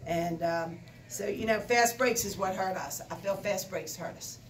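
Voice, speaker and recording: An older woman, a basketball coach, talking in an animated, rambling way at a postgame press conference. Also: medium pitch, a little slow, slight background noise. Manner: animated, talkative, rambling with restarts. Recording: echoey room, distant mic, faint ambience.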